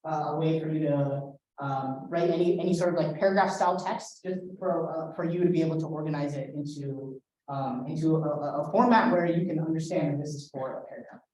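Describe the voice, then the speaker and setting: Young woman instructor, halting delivery full of fillers, warm tone, recorded from a distance in a lecture room. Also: fairly low pitch, slight background noise. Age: young adult. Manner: hesitant, many fillers and restarts. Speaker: workshop instructor. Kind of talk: casual classroom lecture. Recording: roomy echo, voice from afar.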